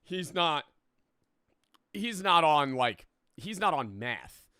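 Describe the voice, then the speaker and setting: A young man riffs over a video as a streamer, joking and laughing as he goes. His voice is bright and animated, with lots of up-and-down movement. It is recorded dry and close on a desk mic. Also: fairly high pitch, slow pace, smooth, dry recording. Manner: joking, laughs often, swears. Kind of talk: casual reaction commentary.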